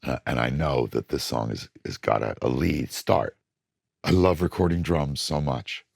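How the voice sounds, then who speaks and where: A middle-aged record producer being interviewed, telling blunt studio stories and acting out moments from sessions. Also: male voice, rumbling low, normal speed, vocal fry, slightly rough, dry recording. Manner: animated, blunt storytelling that acts out studio moments.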